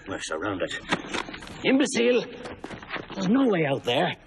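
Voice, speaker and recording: An actor playing an anxious, talkative male tramp who frets and turns theatrical, recorded on a film soundtrack with a steady hiss. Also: on the low side, moderate pace. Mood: agitated. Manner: fretful and theatrical, swinging between bursts and mutters.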